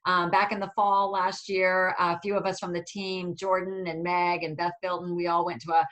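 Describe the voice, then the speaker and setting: A woman's voice: fairly low pitch, level tone, normal speed, fairly bright tone, rough recording. A woman coach opening a group call in a casual, friendly way, with fillers. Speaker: coach hosting a team call.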